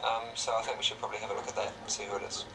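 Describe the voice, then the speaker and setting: A man's voice: on the low side, flat delivery, rapid-fire, creaky. A man co-hosting a live stream, easygoing and reading out viewer questions. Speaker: co-host and actor. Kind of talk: casual live-stream chat. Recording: distant mic, faint noise.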